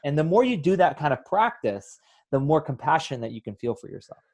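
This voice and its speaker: A man in a podcast conversation, explaining mindfulness in a casual, playful way that turns soft and reflective. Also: on the high side, sing-song, fairly quick. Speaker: mindfulness guest.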